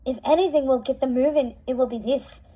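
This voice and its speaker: A woman's voice: sits high, fairly even intonation, brisk, mellow, husky, low-quality recording. A woman voicing a solemn, cautious hen who serves as a lady's attendant, read aloud from a storybook. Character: solemn, sensible female chicken attendant. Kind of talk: storybook readaloud.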